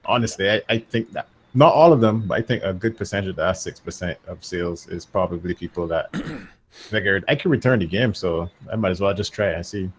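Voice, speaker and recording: A man's voice: sits low, a little fast, breathy edge. A man co-hosting a casual gaming podcast, offhand and joking, swearing for laughs. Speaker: podcast co-host.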